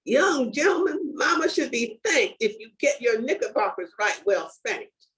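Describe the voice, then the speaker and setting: Woman putting on a high, scolding old grandma. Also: very animated, measured pace, a bit bright, rough recording.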